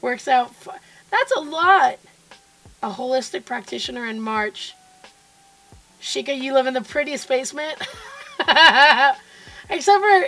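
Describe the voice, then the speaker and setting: A woman with a hoarse, froggy voice from being sick, chatting casually and cheerfully with viewers from her home basement studio. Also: high voice, fairly bright tone. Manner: chatty and upbeat, greeting viewers by name. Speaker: quilt designer and live streamer. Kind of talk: casual live-stream chat.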